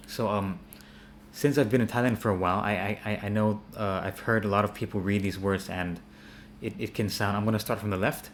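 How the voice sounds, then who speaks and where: Low-voiced man teaching English casually. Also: brisk, a little hiss or hum. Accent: American. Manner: relaxed, many fillers and repeated words. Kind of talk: casual spoken English lesson.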